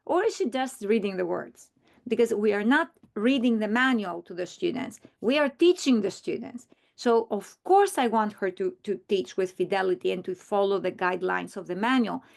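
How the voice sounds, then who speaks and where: Woman, teacher trainer, earnest explanation, frequent restarts, gravelly fry. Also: mid-range voice, animated, normal speed. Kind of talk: recorded training presentation.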